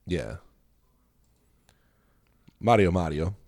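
A man's voice: sits low, lively intonation, very slow, vocal fry, a little mellow, dry recording. A man co-hosting a casual podcast, playful and laughing as he reads listener reviews aloud. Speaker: podcast co-host. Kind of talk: casual chat.

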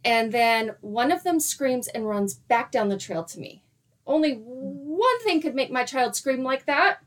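Telling a story as a guest in a casual conversation, a woman in her thirties speaks a little slowly in a fairly high voice. Her delivery is lively, with frequent laughter and dramatized versions of her own quoted lines.

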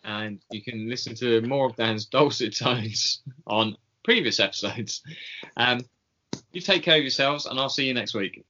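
A man's voice: mid-range voice, a little slow, sharp tone, muffled recording, a little hiss or hum. A man co-hosting a podcast, rambling casually through the sign-off with lots of ums. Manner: rambling, filler-heavy, laughing at himself. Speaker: podcast co-host.

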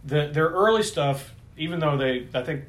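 A middle-aged man talking casually over beers, his voice rising and falling with lively swings in pitch. He wanders through his thoughts, corrects himself mid-sentence, and swears freely. His voice sits a touch higher than most men's. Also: moderate pace. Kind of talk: casual chat.

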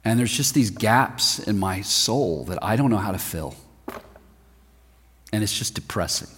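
A man preaching a sermon, telling stories with sudden swings from loud emphasis to a hushed, near-whispered voice. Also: on the low side, expressive, unhurried, slightly rough. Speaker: pastor. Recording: long reverb of a large hall.

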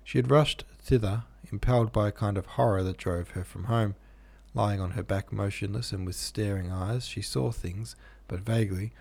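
A man narrating a classic novel aloud in a measured, even manner. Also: fairly low pitch, gravelly. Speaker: audiobook narrator.

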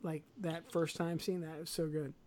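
A woman's voice: sits low, level tone, moderate pace, darkish tone. A woman co-hosting a podcast in casual chat, rambling enthusiastically and leaning heavily on filler words. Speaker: podcast co-host.

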